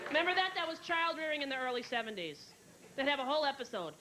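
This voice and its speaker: A woman doing a stand-up comedy set, telling stories quickly and in an animated way, with squealed character voices. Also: sits high. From New York. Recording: live show with noisy room ambience.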